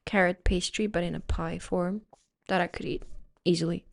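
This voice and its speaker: A young woman from Estonia with an Estonian accent, co-hosting a casual podcast chat; soft-spoken and reasoned. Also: on the low side, steady tone, moderate pace, vocal fry. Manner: soft-spoken, reasoned, self-described introvert. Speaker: podcast co-host.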